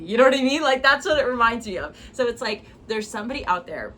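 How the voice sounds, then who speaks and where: A woman's voice: a little high, animated, fast, fairly bright tone, poor audio. A woman giving a casual tarot reading, chatty and loose, often saying "like" and "okay?", with the odd curse and laugh. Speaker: tarot reader. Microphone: phone. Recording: phone recording with clear background noise.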